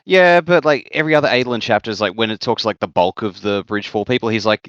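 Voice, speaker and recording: Deep-voiced male co-host, easygoing book chat, on a dull, dry mic. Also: fast, fairly bright tone, clean tone, dry recording. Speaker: podcast co-host. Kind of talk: casual book-discussion chat.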